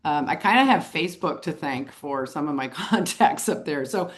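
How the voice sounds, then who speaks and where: A woman with a fairly low voice who tells her story in a lively, animated way. She is middle-aged and speaks as an interview guest, chuckling now and then as she talks. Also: normal speed. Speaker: photographer and author, interview guest.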